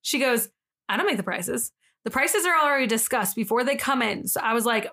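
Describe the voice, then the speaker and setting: A woman co-hosting a podcast, reading a story thread aloud in a casual, animated way, with slangy phrasing and frequent laughter. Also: on the high side, a little fast, husky. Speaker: podcast co-host.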